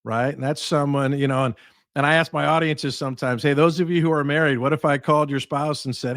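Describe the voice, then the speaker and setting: A man with a slightly higher voice tells sales stories in a podcast chat. He jumps into quoted voices of customers and clients as he goes. The sound is dry and close. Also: fast, no echo. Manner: animated storyteller acting out quoted voices. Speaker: guest speaker and sales trainer. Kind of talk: podcast conversation, storytelling advice.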